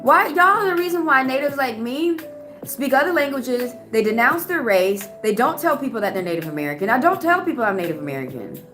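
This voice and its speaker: Young female streamer, heated and confrontational, somewhat high voice, music playing under her. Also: very animated, a bit bright, echoey room. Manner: confrontational, rapid-fire rhetorical questions. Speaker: livestream host. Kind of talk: heated casual livestream rant. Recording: music playing clearly behind.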